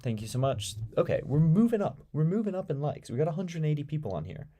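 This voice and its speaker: With a fairly high, warm voice, a young American debate streamer speaks fast and very animatedly in a casual live stream. His responses to viewer comments are dryly sarcastic.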